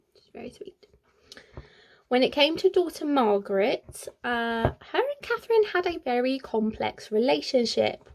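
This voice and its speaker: A woman's voice: mid-range voice, vocal fry, darkish tone. A woman who hosts a history channel, telling history in a casual, chatty way with playful asides. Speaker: history YouTuber.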